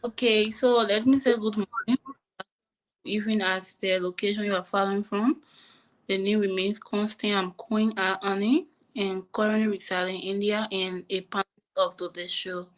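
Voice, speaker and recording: Woman, panelist, mid pitch, rambling, many fillers, streamed call. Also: little pitch movement, moderate pace. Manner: rambling, frequent "um" and "you know". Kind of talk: online panel discussion. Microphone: remote streaming call.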